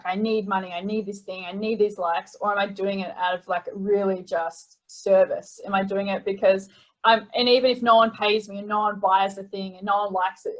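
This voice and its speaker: A woman's voice: mid-range voice, rough recording. Chatty Australian woman guest. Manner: bubbly, laughs easily, says "like" a lot. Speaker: guest, copywriter and marketing coach. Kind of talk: casual podcast interview over video call. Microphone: video call.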